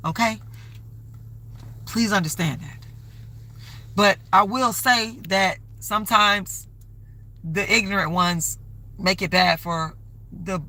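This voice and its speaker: A woman runs a livestream, chatting aimlessly and repeatedly asking her audience to donate. Her lowish voice has a bright, forceful tone.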